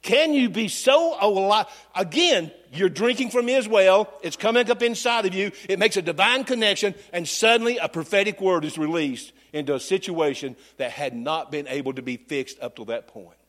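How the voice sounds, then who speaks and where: A pastor in middle age, his voice sitting high for a man as he preaches. He tells homespun, joking stories from the pulpit in a folksy, down-home way. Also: moderate pace, hardly any pauses, a bit bright. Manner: folksy, humorous storytelling preacher. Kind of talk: sermon.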